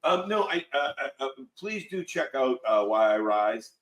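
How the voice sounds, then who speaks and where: A man guest talking casually, halting often with fillers and restarts. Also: mid-range voice, big pitch swings, a bit bright. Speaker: guest, film producer. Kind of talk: casual podcast talk. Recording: roomy sound.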